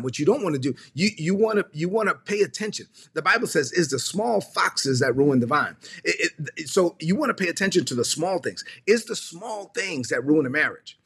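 A man preaching a livestreamed sermon with a bright, forceful edge and a slightly husky grain. His pitch sits a little high for a man. He drives points home with repetition and acts out short bits of dialogue. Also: lively intonation, a little fast, few pauses. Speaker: pastor.

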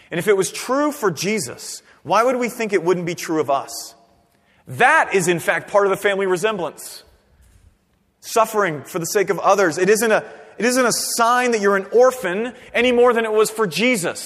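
High-voiced man preaching in a reverberant hall. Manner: animated preaching, rising to near-shouts then dropping low. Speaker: pastor. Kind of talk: sermon. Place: church sanctuary. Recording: long reverb of a church hall.

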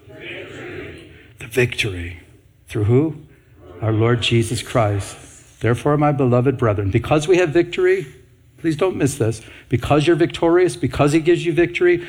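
A man preaching with a husky, slightly breathy voice at a middling pitch. He builds his points through repetition and rhetorical questions, earnest and steady. He sounds like a pastor addressing a congregation. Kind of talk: sermon.

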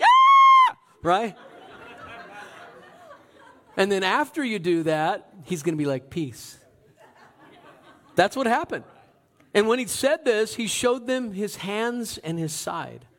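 Male pastor with a high voice, preaches in a lively, dramatic way and swings between loud and hushed. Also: measured pace, pauses often, a faint crowd. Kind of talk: sermon.

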